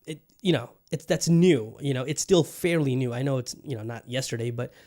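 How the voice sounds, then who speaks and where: A man's voice: mid-range voice, fairly quick, dark tone. A man hosting a podcast in casual chat, rambling and swearing freely, full of fillers and restarts. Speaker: podcast host.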